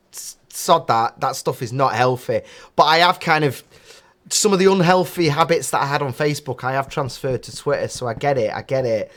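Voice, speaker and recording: A man's voice: fairly high pitch, a bit bright. A man hosting a live show, chatting casually and rambling with lots of self-interruptions. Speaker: host.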